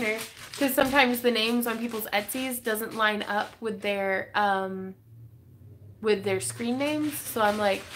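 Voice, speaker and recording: A woman's voice: fairly high pitch, measured pace, a bit bright, slight background noise. A young woman hosting a casual craft livestream, reading viewer comments and chatting with giggles and fillers. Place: home craft room.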